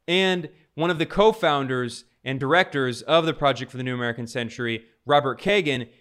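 A man's voice: a little high, a bit bright, clear, resonant tone. A man delivering an emphatic political commentary monologue, piling up long lists of charged words.

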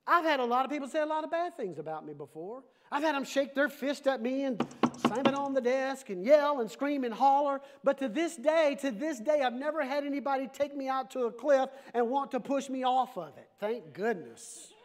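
Male pastor, very high voice, lively sermon with humorous asides. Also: fairly quick. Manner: animated preaching with playful asides.

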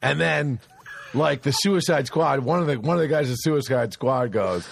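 Gruff podcast guy rambling about movies, swears a lot, dry close mic. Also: medium pitch, moderate pace, no echo. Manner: rambling retelling of movie scenes, profane, laughing. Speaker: podcast host. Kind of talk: crude casual podcast chat.

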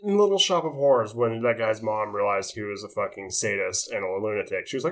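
A man's voice: lowish voice, expressive, a little fast, hardly any pauses, fairly bright tone. Profane sarcastic man in movie chat. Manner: profane, sarcastic, mocking impressions. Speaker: podcast co-host. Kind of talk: casual movie review chat.

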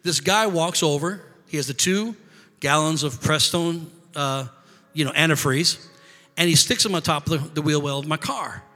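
A man with a somewhat high voice tells a personal story in a loose, rambling way. He stops and restarts phrases and repeats his words as he goes. A long reverb trails after his voice. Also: normal speed, sharp tone. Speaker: guest telling a personal story. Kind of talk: casual spoken storytelling.

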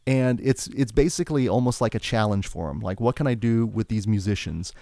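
A man's voice: fairly low pitch, brisk, vocal fry, warm tone, no room sound. A man co-hosting a podcast, talking casually and enthusiastically about music, rambling with frequent restarts. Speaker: podcast co-host.

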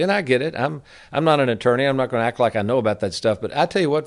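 A man's voice: mid-range voice, lively intonation, fast talker, few pauses. A middle-aged man hosting a radio advice show, talking casually and folksy, calling his listeners folks. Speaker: radio show host, annuity advisor. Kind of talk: casual financial advice talk.

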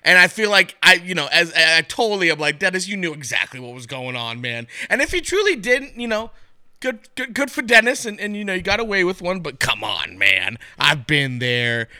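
A man co-hosting a podcast in casual sports chat, animated and acting out what coaches say. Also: high-pitched, moderate pace, no echo, clean studio sound. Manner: animated, acts out quoted coaches. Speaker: podcast co-host.

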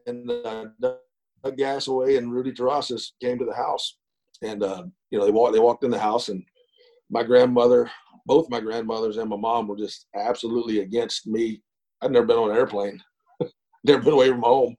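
A middle-aged man spins a long, folksy yarn as an interview guest. His voice is mellow and relaxed, in the middle of the male pitch range. He talks unhurriedly, with plenty of fillers and chuckles along the way. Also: normal speed, poor audio. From East Texas. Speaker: guest, former pro baseball pitcher. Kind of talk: casual storytelling interview.

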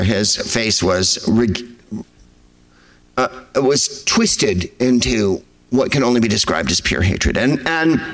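Male comedian, digressive anecdotes, lively sing-song pitch, wry tone. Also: low-quality recording. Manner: wry, digressive, quick impressions of others. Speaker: comedian telling stories. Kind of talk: rambling storytelling to a live audience.

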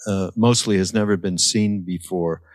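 A man's voice: sits low, steady tone, moderate pace, dry recording, studio quality. An older man, a podcast guest, telling reflective stories in casual conversation and acting out the voices he quotes.

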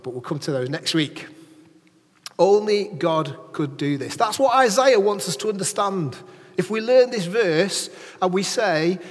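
A man preaching a lively sermon in a church, chatting with and questioning his congregation. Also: high voice, breathy edge, big-room sound. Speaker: pastor.

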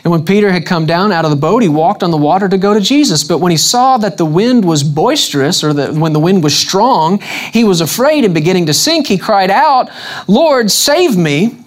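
A man's voice: high-pitched, expressive, fairly quick. A man preaching a sermon, repeating questions to his congregation with emphatic restarts.

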